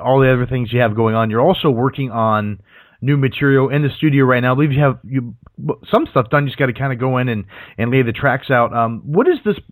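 A man's voice: mid-range voice, dry recording. A man hosting an interview in a playful, joking way. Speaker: interview host. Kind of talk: casual interview chat.

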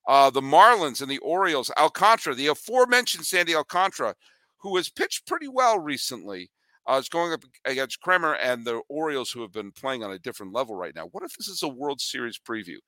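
Male baseball talk host, punchy and ranting, very bright tone, dry close sound. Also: mid-range voice, a little fast, no echo. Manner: animated, ranting, joking. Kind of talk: energetic sports talk with ad read.

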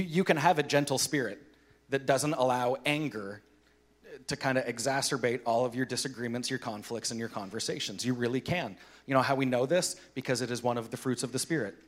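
A man in his thirties preaching a sermon in a conversational, animated way, acting out quoted voices. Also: medium pitch. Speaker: pastor.

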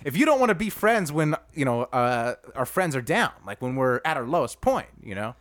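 Animated, defensive young podcast host. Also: male voice, medium pitch, moderate pace, no room sound. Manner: defensive, rambling, repeats himself. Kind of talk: casual podcast banter.

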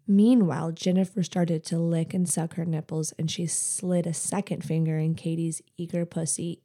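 A woman podcast host reads an erotic story aloud. Her storytelling is steady and intimate. Her voice is low-pitched for a woman, with a dark, mellow tone.

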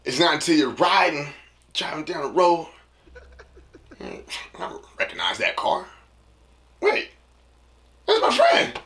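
Male podcast host, casual rambling monologue full of slang, slightly high pitch, echoey room. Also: measured pace, pauses often. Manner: rambling, animated storyteller with slang.

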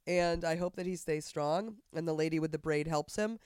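A man co-hosting a podcast, chatting casually and profanely about politics in a rambling, animated way. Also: a little high, normal speed, clean tone, dry recording, studio quality. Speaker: podcast co-host.

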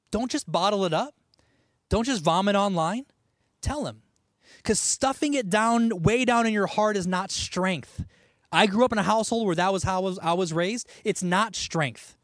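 A man preaching a sermon in a conversational, animated way, with asides and laughs. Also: high-pitched, no room sound, studio quality. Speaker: pastor.

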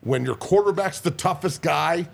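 A man's voice: a little high, normal speed, gravelly. A man and former football player chatting on a podcast as a guest, telling rowdy, profane stories. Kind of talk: casual podcast chat.

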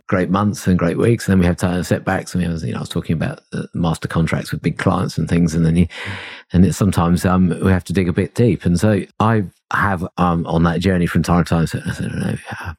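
A man's voice: low-pitched, fairly even intonation, a little fast, a little mellow, husky. A middle-aged man, a consultancy founder, talking reflectively in a podcast interview, rambling with fillers and chuckles. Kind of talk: conversational interview.

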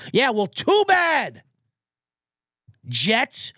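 A man's voice: very high voice, huge pitch swings, takes it slowly, pauses often, pushed and bright, no echo, clean studio sound. A man hosting a comedy sports podcast, ranting with profanity and getting fired up. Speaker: podcast host.

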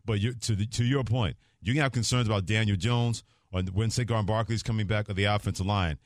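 Brisk, low-voiced sports radio man. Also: no echo, clean studio sound. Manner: jokey, quick patter with laughter. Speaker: radio show co-host. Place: radio studio.

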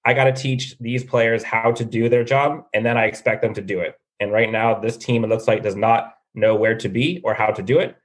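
A man's voice: fairly low pitch, steady tone, moderate pace, few pauses, natural voice. A man playing a blunt, stern male football coach candidate in a comedic mock job interview. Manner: blunt, no-nonsense.

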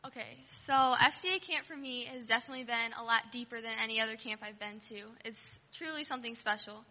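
Bright-voiced teen girl giving a testimony. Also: fairly high pitch, fast, long reverb tail, highs cut off. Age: teens. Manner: heartfelt testimony, with fillers like "um" and "like". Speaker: church youth member.

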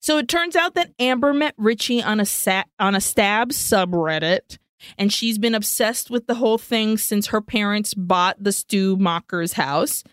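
A woman co-hosting a podcast, casually retelling a film's plot scene by scene with swearing and quick asides. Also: mid-range voice, clear, resonant tone, no room sound, studio quality. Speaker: podcast co-host. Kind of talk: casual movie recap chat.

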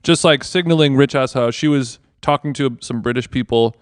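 Smooth-voiced man telling a rambling story. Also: mid-range voice, moderate pace, dry recording, clean studio sound. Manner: rambling, profane anecdote-telling. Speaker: podcast co-host. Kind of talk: casual storytelling chat. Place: basement of a villa.

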